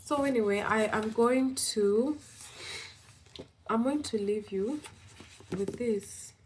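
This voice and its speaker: A woman's voice: on the high side, takes it slowly, a little mellow, a little hiss or hum. A woman from East Africa talking in a casual vlog check-in, rambling and upbeat, effusively grateful and a little out of breath. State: slightly out of breath. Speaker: vlogger.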